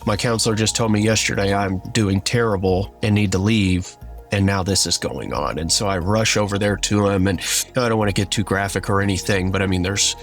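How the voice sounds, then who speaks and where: Earnest man, low-voiced storyteller. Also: soft background music. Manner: earnest and halting, many "like" fillers. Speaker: guest sharing his testimony. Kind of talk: personal storytelling.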